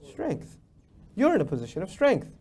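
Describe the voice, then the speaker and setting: Animated high-voiced male lecturer. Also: normal speed, creaky, husky. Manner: animated, rhetorical questions, acts out mock dialogues. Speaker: lecturer on the Quran. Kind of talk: Islamic lecture.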